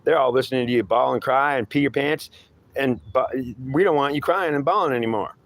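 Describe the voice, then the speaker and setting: A man's voice: medium pitch, brisk, fairly bright tone, pitched above the performer's own voice, natural voice. A man playing a taunting devil god. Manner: taunting, threatening, calls listener boy. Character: menacing male devil claiming to be god. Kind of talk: improvised two-voice monologue.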